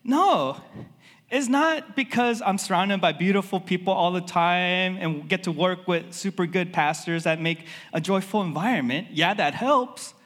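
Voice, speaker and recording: A man's voice: sits high, a little slow, a bit bright, long reverb tail. A man preaching a sermon as a pastor, talking in a loose, conversational way with lots of filler words.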